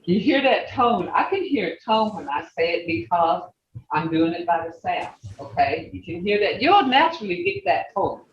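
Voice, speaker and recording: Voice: mid-range voice, sing-song, moderate pace, slight background noise. A language teacher leading an online class, patiently repeating words and checking that everyone follows. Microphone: video call. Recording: echoey, muffled video call audio.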